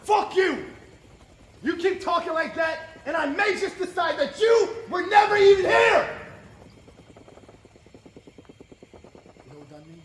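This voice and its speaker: A man playing a brutal American soldier interrogating a prisoner, mocking and menacing, breaking into shouts. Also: high-pitched, very animated, unhurried, some chatter behind, heavily acted. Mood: furious. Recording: roomy echo, faint background hiss.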